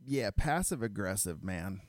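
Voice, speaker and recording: A man talking as a podcast guest in a blunt, animated casual chat, laughing often. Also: fairly low pitch, unhurried, dry recording, clean studio sound.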